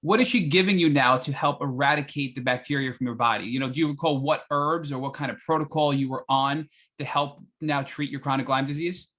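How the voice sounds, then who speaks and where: A man hosting a podcast, recapping his guest's story and asking questions in an animated, sometimes apologetic way. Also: medium pitch, fairly quick. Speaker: podcast host.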